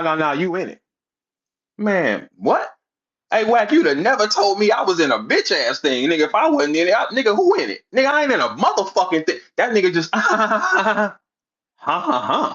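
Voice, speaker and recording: A man's voice: high voice, a bit bright, husky. Angry man ranting on a muffled stream. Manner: profane, confrontational, mocking impressions of others. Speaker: battle rap personality on a live audio space. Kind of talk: heated rant.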